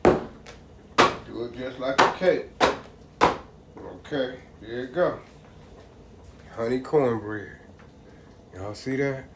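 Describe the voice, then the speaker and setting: Drawing out his words and pausing often, this medium-pitched home cook vlogger casually walks viewers, whom he calls "y'all," through his cooking. The recording is very noisy, set in a roomy kitchen with faint background ambience.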